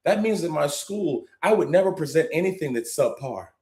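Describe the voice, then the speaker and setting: A man hosting a livestream, hyping the audience and preaching about business, swinging between loud and hushed. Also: on the high side, lively intonation, fairly quick, echoey room. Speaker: livestream host. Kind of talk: hyped livestream talk.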